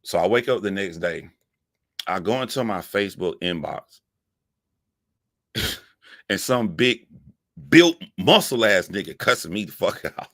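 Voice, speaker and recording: Deep-voiced man telling a raunchy story. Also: measured pace, long pauses, no room sound, studio quality. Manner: animated, laughing, profane, jumps up in pitch for emphasis. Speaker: comedic storyteller. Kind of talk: profane comedic storytelling.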